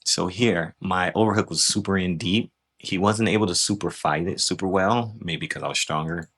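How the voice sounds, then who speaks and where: A man's voice: low-pitched, normal speed, fairly bright tone, breathy edge. A man casually breaking down footage of his own grappling match, loose and self-critical, often checking in with "right?".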